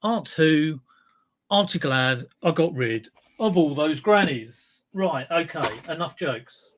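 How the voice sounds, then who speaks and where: A man's voice: a little high, animated, slow pace, a little hiss or hum. A man hosting a casual live stream, chatty and rambling, telling dad jokes.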